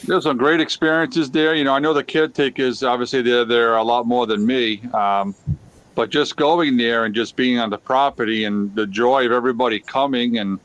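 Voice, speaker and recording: A man telling a casual story, halting and full of "you know" fillers. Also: medium pitch, fairly bright tone, dry recording, highs cut off. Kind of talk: casual anecdote.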